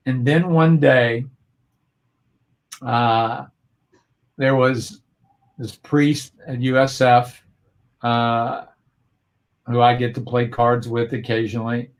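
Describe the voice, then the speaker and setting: A man's voice: mid-range voice, fairly even intonation, slow, long pauses. Earnest man telling a personal story. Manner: earnest and reflective, with frequent restarts. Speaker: guest. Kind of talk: personal storytelling in a video-call interview. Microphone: video call.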